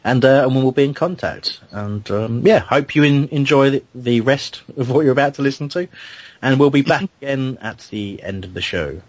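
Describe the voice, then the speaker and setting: A man with a medium-pitched voice and moderate pace hosts a casual football fan podcast in the style of fan radio chat. He's chatty and self-deprecating, often restarting, on a dull lo-fi home recording with slight background noise.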